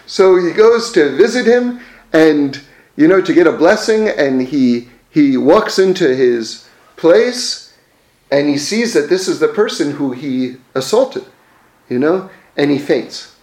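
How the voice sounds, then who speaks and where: Man, high voice, religious storytelling lesson, chatty with fillers, echoey room. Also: animated, slow, darkish tone. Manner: conversational, with frequent fillers and self-corrections.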